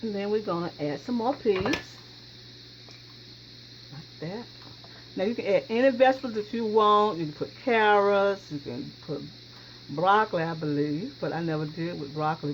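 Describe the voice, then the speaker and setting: A folksy woman cooks and talks her viewers through each step, calling out to them as y'all. The recording is dull and lo-fi, with a steady hiss of background noise. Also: lowish voice, normal speed. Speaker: home cooking host. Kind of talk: casual cooking demonstration.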